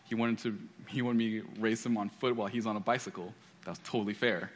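A man's voice: lowish voice, fairly even intonation, fast talker, noisy background. Man preaching with frequent restarts. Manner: storytelling with repeated restarts. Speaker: pastor. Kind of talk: sermon.

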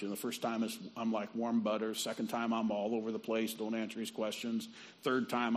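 A man who works as a Christian counselor, telling a story from a teaching session in a measured, plainspoken way and acting out the voices of the people in it. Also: medium pitch.

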